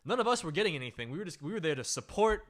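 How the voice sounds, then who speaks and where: A man hosting a comedy podcast, telling a story in a loose, animated way with lots of "like" and "right?". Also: fairly high pitch, racing. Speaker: podcast host.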